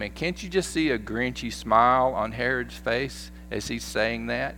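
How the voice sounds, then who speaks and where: A Southern American pastor preaching in a folksy, animated storytelling way, his voice at a man's middle pitch. The sermon rings through a church sanctuary with a long echo, and a faint hum sits underneath. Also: normal speed, few pauses.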